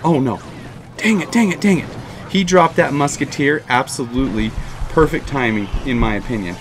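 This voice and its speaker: A man giving live commentary over his own mobile game match, excitable and chatty, often repeating himself and cheering or groaning at the action. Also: medium pitch, normal speed, faint music behind. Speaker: gaming YouTuber.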